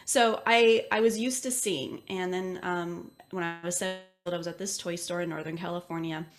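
A woman's voice: fairly low pitch, steady tone, fairly quick. A woman who is an intuitive medium, telling a personal story casually with many filler words. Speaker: intuitive medium, interview guest.

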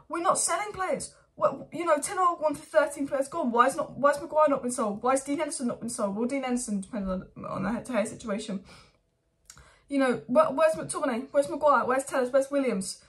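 A young woman hosting a football fan channel, ranting in exasperation and firing off rapid rhetorical questions. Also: sits high. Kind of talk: opinionated fan commentary vlog.

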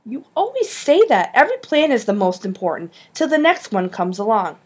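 A woman's voice: mid-range voice, sing-song, moderate pace, husky. A woman voicing a cautious schoolboy who refuses his friend's plan with worry. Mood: exasperated. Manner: reluctant, worried.

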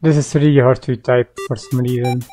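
A woman's voice: rumbling low, steady tone, brisk, mellow. A woman chatting casually as she plays a video game, rambling with lots of fillers, game music under her voice. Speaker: gaming youtuber.

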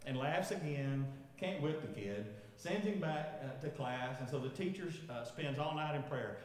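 A man's voice: fairly high pitch, moderate pace, few pauses. A man, preaching a sermon and telling a funny story, chuckling as he goes and asking the congregation questions. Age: 50s. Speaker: pastor. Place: large echoey church sanctuary. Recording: echoey church hall with long reverb.

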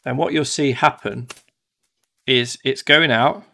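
A man's voice: medium pitch, a little slow, vocal fry, sharp tone. A man from the UK teaching one-to-one in a casual, chatty way, often acting out devices in silly voices. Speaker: tutor.

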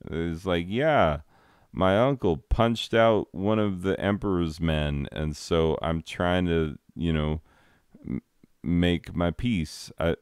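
A young American man, a high school teacher, chatting casually while playing a game, rambling with frequent laughs and silly acted-out quotes. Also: a little mellow, smooth, no room sound, clean studio sound.

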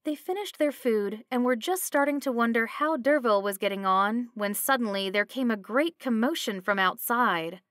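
A woman narrating a fantasy storybook in an even, clear storytelling manner. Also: on the high side, moderate pace, hardly any pauses, no echo, clean studio sound.

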